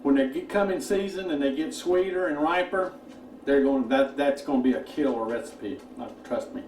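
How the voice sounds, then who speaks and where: A man hosting a home cooking show, chatting in a folksy, relaxed way while tasting his dish. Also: medium pitch, moderate pace, slight background noise. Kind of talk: casual cooking chat. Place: home kitchen. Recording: roomy kitchen, mic at a distance.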